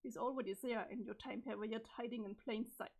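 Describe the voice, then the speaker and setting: A woman reads as a cryptic teenage boy from the future in a webcomic read-aloud. He speaks flat and measured, his voice husky and a touch high. The voice sounds strained. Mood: deadpan. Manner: flat, measured, unhurried delivery. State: strained, failing voice. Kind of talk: reading a webcomic's chat logs aloud.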